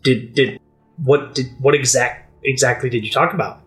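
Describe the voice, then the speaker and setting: A man's voice: medium pitch, steady tone, moderate pace, fairly bright tone, soft background music, poor audio. A man playing a tabletop game in character, stammering and repeating himself. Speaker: player. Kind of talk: tabletop role-play in character.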